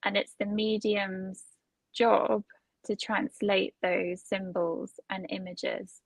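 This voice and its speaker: A woman's voice: mid-range voice, flat delivery, slow, vocal fry, no echo, rough recording. A woman who is a guest on a casual chat, asking one question after another. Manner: inquisitive, asks many questions.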